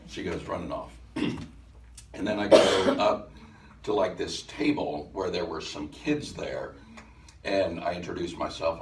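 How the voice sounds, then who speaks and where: Deep-voiced man telling stories to a room. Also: moderate pace, slight background noise. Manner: animated, laughs as he tells the story. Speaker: workshop presenter. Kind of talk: storytelling talk to a live audience. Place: event room at a center. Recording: echoey room, mic some distance off.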